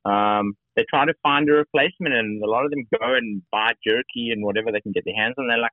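A man's voice: medium pitch, fast talker, few pauses, dry recording. South African man, late 30s, chatty guest, dry phone-line sound. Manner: friendly, rambling storyteller. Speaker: company founder, guest. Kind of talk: casual phone interview.

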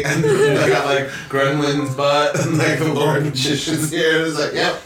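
A man's voice: fairly high pitch, level tone, measured pace, distant mic. A man playing a tabletop game, talking in character with a playful manner. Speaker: player. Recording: echoey room from afar with hiss.

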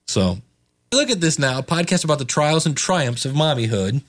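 A man's voice: fairly high pitch, very animated, moderate pace, a bit bright. Rambling, chuckling male podcast host. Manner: rambling, many restarts and chuckles. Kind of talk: casual chat.

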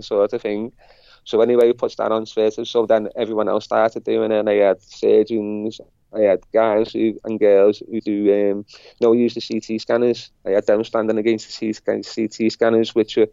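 A man's voice: on the low side, flat delivery, fairly quick, warm tone, dry recording. A middle-aged man with a Liverpool accent, chatting rambly as an interview guest and repeating himself as he tells his story. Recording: dull lo-fi sound.

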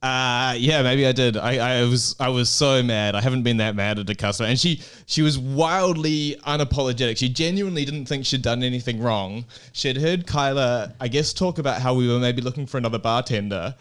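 A man in a mid-range voice co-hosts a casual conversation. He tells his story in an unhurried, rambling way, peppered with "uh" and "like". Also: medium pitch, a bit bright, clean tone. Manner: easygoing, rambling anecdotes with many fillers. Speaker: comedy club co-owner and podcast co-host. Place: comedy club in Barcelona.

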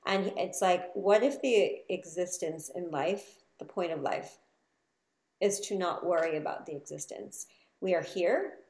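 A woman with a fairly low voice talks casually about her inner life, swinging from soft, slow murmurs to sudden loud, swearing bursts. The room behind her rings with echo. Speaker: spiritual teacher and podcast host. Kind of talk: casual reflective monologue.

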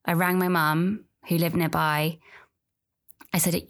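Woman in her 30s, low voice, chatty, trails off n restarts a lot. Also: flat delivery, slow pace, long pauses. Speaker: podcast host. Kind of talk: casual solo chat about pregnancy and birth.

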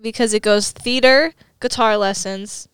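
A woman's voice: medium pitch, fairly even intonation, unhurried, fairly bright tone. A woman guest on a podcast, telling stories in a chatty way and laughing often. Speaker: guest songwriter. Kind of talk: casual interview chat.

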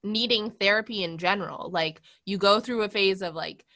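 A woman with a bright, forceful tone talks through an episode in an easygoing conversation. She laughs often and turns thoughtful when she considers the story's meaning. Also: mid-range voice, moderate pace. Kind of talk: casual chat discussing an episode.

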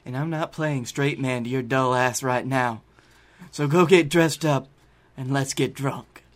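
A man's voice: medium pitch, a little slow. A man co-hosting a podcast, reading his part of comic fan fiction in a blunt, profane way. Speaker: podcast co-host.

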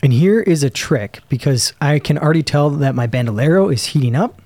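Excitable man with a dry close sound. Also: a little high, brisk, dry recording. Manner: excitable, enthusiastic, trailing off mid-sentence. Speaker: podcast co-host reviewing cigars. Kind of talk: casual chat.

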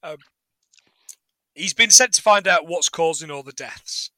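Man, high voice, very bright tone, dry close sound, casual podcast chat. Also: unhurried, no echo. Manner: chatty, laughs often, swears casually. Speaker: podcast co-host.

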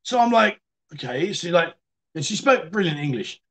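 A man's voice: a little high, sing-song, normal speed, a bit bright. A man hosting a casual livestream chat show, reading out viewer stories and telling his own in a chatty, cheeky way. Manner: chatty, cheeky storyteller who laughs as he goes.

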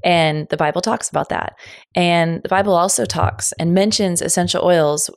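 An enthusiastic woman hosting an interview, talking with a grin in her voice. Her tone sits a little low and has a creaky, gravelly edge. The sound is dry, with no room around it. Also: moderate pace, no echo. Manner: eager, smiling, self-described oil nerd. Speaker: podcast host.

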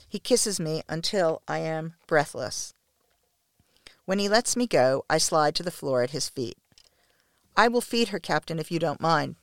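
A woman reading a first-person story aloud in a measured, even way. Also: low voice, smooth, no echo, studio quality. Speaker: narrator.

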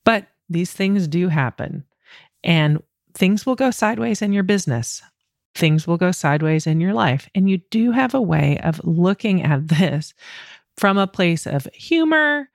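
A woman's voice: on the low side, animated, a little slow, no room sound, clean studio sound. A middle-aged woman hosting a solo coaching podcast, candid and self-deprecating, laughing often as she talks. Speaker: podcast host.

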